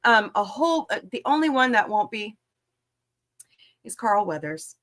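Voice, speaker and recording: A woman's voice: medium pitch, sing-song, a little slow, a bit bright. Chatty woman hosting a livestream. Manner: chatty, jokey, greets viewers by name. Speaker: livestream talk show host. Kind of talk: casual livestream chat.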